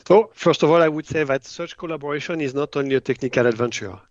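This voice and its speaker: A man with a French accent talks through his answer with many hesitant fillers. His voice sits fairly high for a man. The sound is dry and a little dull, with no room around it. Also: fast talker, dry recording. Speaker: biotech company CEO, guest. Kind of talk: podcast interview answer.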